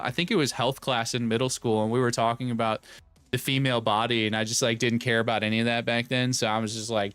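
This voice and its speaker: Smooth-voiced joking streamer guy. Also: medium pitch, a bit bright, no room sound. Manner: rambling, joking, reads chat aloud and riffs on it. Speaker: streamer host. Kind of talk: casual live-stream chat.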